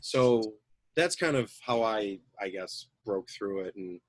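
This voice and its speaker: Guy w a husky voice, bouncy lively pitch, loud excited chatter, fakes little voices mid-story. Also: takes it slowly, no room sound, low-quality recording. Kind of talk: casual chat, animated storytelling.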